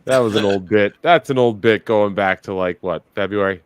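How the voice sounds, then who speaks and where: A man's voice: lowish voice, normal speed, smooth. A man co-hosting a podcast, crude and wisecracking in casual chat. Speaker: podcast co-host.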